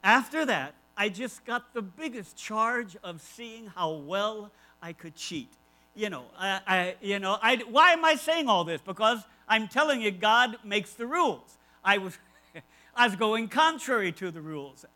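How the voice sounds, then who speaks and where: A man's voice: sits high, lively intonation, unhurried, bright, forceful tone, low-quality recording. A man preaching a conversational sermon, emphatic and repeating key phrases, with asides to his listeners.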